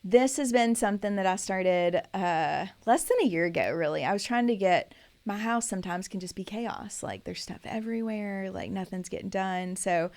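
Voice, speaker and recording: A woman in her thirties co-hosting a podcast, telling practical stories in a relaxed, casual way. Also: medium pitch, moderate pace. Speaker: podcast co-host. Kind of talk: casual chat.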